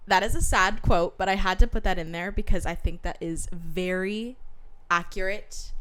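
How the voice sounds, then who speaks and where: A woman's voice: medium pitch, normal speed, a bit bright. A young woman co-hosting a book podcast, chatting casually and enthusiastically, laughing easily. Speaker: podcast co-host. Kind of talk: casual chat about books.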